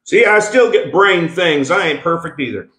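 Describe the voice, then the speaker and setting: A man's voice: fairly high pitch, animated, normal speed, sharp tone. Emphatic preacher man in an echoey room. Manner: emphatic, call-and-response asides, frequent restarts. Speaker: pastor. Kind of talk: sermon.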